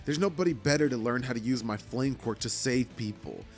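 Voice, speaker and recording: A man's voice: medium pitch, brisk, faint music behind, natural voice. An earnest, determined teenage hero boy with fire powers, speaking bluntly, voiced by a male narrator in a fan-made story. The voice sits in an ordinary middle range, close to the narrator's own.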